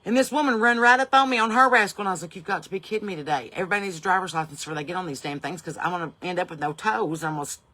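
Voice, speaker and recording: A woman's voice: on the low side, very fast, hardly any pauses, bright, forceful tone. Brash Southern woman telling stories. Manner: brash, profane, rambling storyteller. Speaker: podcast host. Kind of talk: comedic storytelling monologue.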